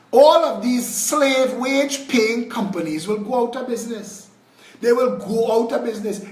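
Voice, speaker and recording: A Trinidadian man giving an impassioned political address on a live video, indignant and fiery, swinging between shouting and low muttering. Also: echoey room, far from the mic. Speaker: political party leader.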